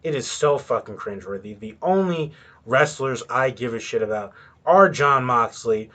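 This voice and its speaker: A man's voice: fairly high pitch, expressive, moderate pace, a bit bright, muffled recording. A man hosting a podcast on his own, ranting in a rambling way with lots of swearing and filler words. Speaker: podcast host. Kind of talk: solo ranting commentary.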